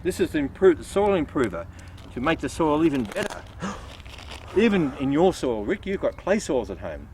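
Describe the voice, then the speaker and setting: A man's voice: on the high side, big pitch swings, fairly quick, darkish tone, slight background noise. A man, a nurseryman explaining patiently and cheerfully how to dig a garden bed and plant tomatoes. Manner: patient, upbeat explaining while digging and planting.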